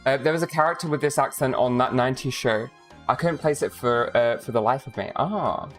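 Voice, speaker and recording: A streamer from Minnesota giving casual, rambling commentary while playing a game, swearing often and tossing in quick asides. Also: mid-range voice, faint music behind.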